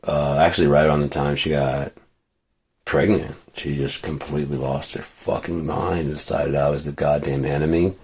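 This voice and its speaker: A man's voice: rumbling low, little pitch movement, normal speed, darkish tone, breathy edge. A man venting in a rambling, profane monologue with many restarts. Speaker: vlogger.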